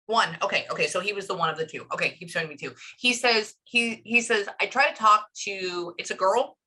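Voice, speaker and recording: A woman psychic medium talks through a reading, chatty and full of fillers. Her voice is bright and forceful, and she sits at a middle pitch. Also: fairly quick, slightly rough. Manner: animated, relaying messages with many fillers. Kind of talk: emotional reading session.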